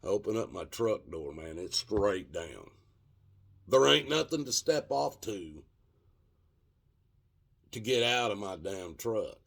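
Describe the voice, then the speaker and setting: A man telling a rough, profane story in casual spoken style, drawing out the dramatic moments. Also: lowish voice, sing-song, fairly bright tone. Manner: profane, colloquial, drawn-out dramatic retelling.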